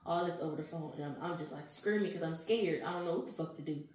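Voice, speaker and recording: A woman's voice: low-pitched, fast talker. Young woman telling her story, slangy. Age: young adult. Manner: animated storytelling, slangy, acts out quotes. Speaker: interviewee. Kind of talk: casual street interview. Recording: echoey, with faint noise.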